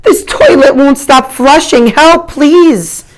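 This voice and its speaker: A woman voicing a panicked young male janitor on his first day, shouting frantically. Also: medium pitch, unhurried, voice pushed up, lightly acted. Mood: shouting for help.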